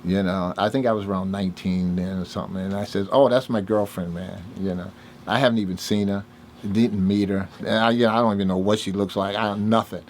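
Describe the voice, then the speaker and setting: A man's voice: fairly quick, a little hiss or hum. An older man, telling stories in a casual interview and acting out the dialogue with big swings in his voice. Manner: animated storyteller, acts out dialogue with big pitch jumps. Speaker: interviewee, music producer.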